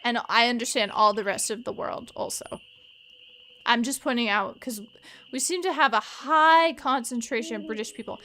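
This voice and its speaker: A woman's voice: on the high side, moderate pace, bright, forceful tone. A woman streaming a mystery game, chatting casually and rambling in asides to her viewers. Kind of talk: casual let's-play chat.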